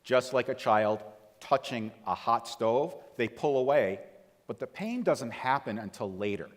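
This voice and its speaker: A man speaking from a stage to a live audience, his pitch rising and falling a lot as he tells the story and acts out the voices of the people in it. Now and then he turns to the listeners with a question. His voice trails off into the long reverb of a big hall. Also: animated, a little slow. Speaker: TEDx speaker. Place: large auditorium.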